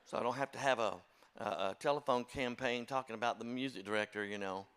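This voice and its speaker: A man's voice: medium pitch, fast talker, fairly bright tone, clear, resonant tone. An older man, a church music director telling folksy, self-deprecating stories to his congregation. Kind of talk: storytelling talk to a congregation.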